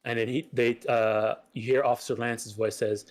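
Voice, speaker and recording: A man's voice: medium pitch, level tone, moderate pace. Rambling male game master. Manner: rambling, many filler sounds. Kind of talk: narrating a tabletop game.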